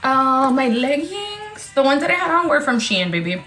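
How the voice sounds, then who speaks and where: A woman with a fairly high voice talks excitedly and casually on a live sales stream, swearing as she goes. Her voice rings in a very echoey room, with faint music playing behind her. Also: normal speed. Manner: excitable, chatty, swears freely. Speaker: TikTok live seller. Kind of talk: casual livestream sales chat.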